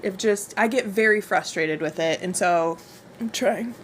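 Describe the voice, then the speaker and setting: A woman's voice: medium pitch, measured pace, a little hiss or hum. A young woman hosting a casual livestream book club into a wireless mic, reading out viewer comments and gushing, often repeating her phrases. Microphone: wireless microphone.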